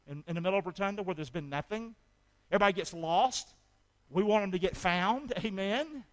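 A man preaching a sermon as pastor, calling for amens and swinging from loud shouts to hushed asides. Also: high-pitched, expressive, fairly quick.

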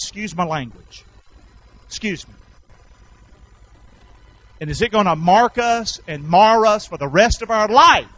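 A man preaching a lively sermon as pastor, getting the congregation to repeat lines after him. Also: high-pitched, no room sound, muffled recording. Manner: animated, has the congregation repeat phrases.

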